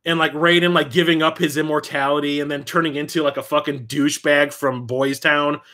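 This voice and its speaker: Animated, slightly high-voiced male streamer. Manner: animated storyteller, swears freely, quick bursts of excitement. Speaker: livestream host. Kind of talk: casual livestream chat.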